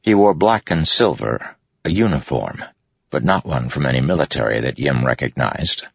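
A man narrating a story in a measured, steady way. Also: extremely low pitch, creaky, slightly rough, dry recording, lo-fi sound. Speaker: audiobook narrator. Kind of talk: scripted narration.

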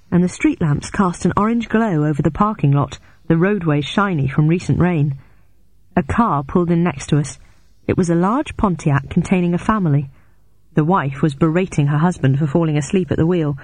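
A woman narrating a novel in the first person, in a measured storytelling way. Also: dry recording. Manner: measured storytelling, raises pitch sharply for shouted dialogue. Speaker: audiobook narrator.

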